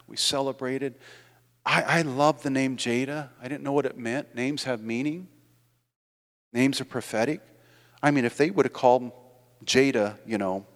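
An older man preaching a sermon in a church, telling his own story earnestly and building to emphatic appeals. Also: mid-range voice. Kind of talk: sermon with personal testimony. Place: church sanctuary. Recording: long hall reverb in a church.

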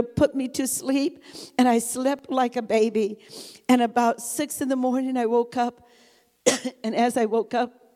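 Warm-voiced older woman, earnest testimony, reverberant hall. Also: a little high. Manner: earnest, halting, with frequent "you know" fillers. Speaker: guest speaker giving testimony. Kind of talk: spoken personal testimony. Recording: long reverb, as in a large hall.

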